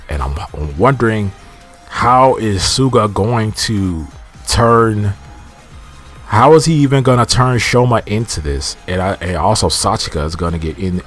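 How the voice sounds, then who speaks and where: A man casually recapping a TV episode in a rambling, slangy way, often restarting his sentences. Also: sits low. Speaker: TV episode reviewer.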